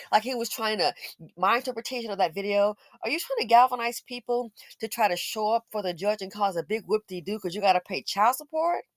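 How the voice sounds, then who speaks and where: A woman's voice: fairly high pitch, no echo, studio quality. A woman giving blunt, sarcastic opinion commentary as a channel host, scolding and mocking as she talks.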